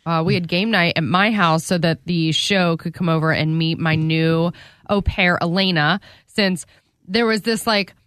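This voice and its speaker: Bright-voiced woman chatting quickly. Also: fairly low pitch, smooth, no room sound, clean studio sound. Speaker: radio show co-host. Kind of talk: casual podcast banter.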